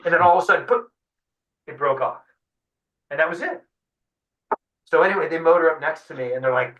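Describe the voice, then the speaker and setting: A man tells a fishing adventure as a guest, lively and fond of playing out each voice. His tone is bright and forceful. He sits back from the mic in an echoey room. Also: a little high, normal speed, long pauses. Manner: animated storyteller acting out voices. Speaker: guest fly-fishing guide. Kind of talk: storytelling in an interview. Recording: roomy sound, mic at a distance.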